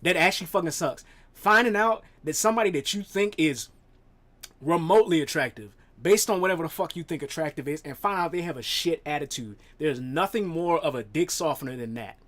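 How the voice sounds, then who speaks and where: High-voiced, profane, rambling male streamer. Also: a little fast. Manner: profane, animated, laughing, rambling to chat. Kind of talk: casual stream chat.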